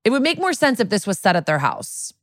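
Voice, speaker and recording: A woman co-hosting a podcast in casual chat, chatty and quick to laugh, poking at plot holes. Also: medium pitch, very animated, no echo, clean studio sound. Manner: chatty, laughs often, questions plot logic. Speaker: podcast co-host.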